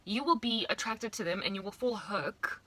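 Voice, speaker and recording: A woman's voice: medium pitch, moderate pace, bright, forceful tone. A South African woman in her thirties, rambling playfully through a casual monologue with exaggerated asides. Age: 30s. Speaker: vlogger.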